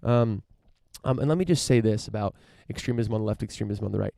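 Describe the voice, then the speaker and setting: A man's voice: lowish voice, fast, vocal fry, mellow, no room sound, studio quality. A young man hosting a podcast, rambling through a casual profane rant with lots of restarts and fillers. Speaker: podcast host.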